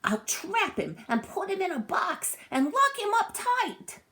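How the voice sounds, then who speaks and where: A woman doing an eager little raccoon boy in a high voice. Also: big pitch swings, measured pace, bright, forceful tone, full character voice. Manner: high, bouncy and insistent. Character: excited eager young male raccoon child. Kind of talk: storybook read-aloud.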